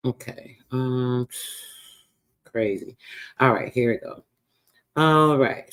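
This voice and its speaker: A man hosts a casual livestream in an everyday, mid-pitched voice. He talks loosely and swears freely, reading out old records. His manner stays relaxed but openly frustrated. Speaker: livestream host.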